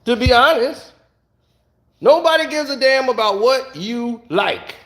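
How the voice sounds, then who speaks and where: A man with a very high voice for a man tears into a heated solo rant from home. He talks bluntly and angrily and keeps throwing out rhetorical questions. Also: animated, measured pace, fairly bright tone. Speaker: online commentator.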